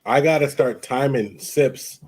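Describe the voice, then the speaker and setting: A man with a husky, breathy voice hosts a casual live stream. He tells animated stories and slips into other people's voices when he quotes them. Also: medium pitch, measured pace. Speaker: podcast host.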